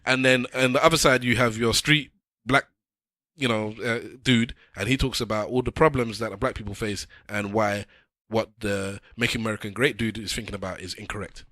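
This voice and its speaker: A man's voice: on the low side, fairly even intonation, normal speed, bright, forceful tone, no echo, studio quality. A man hosting a casual podcast, arguing his points and steering the talk. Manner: argumentative, wraps up the show. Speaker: podcast host.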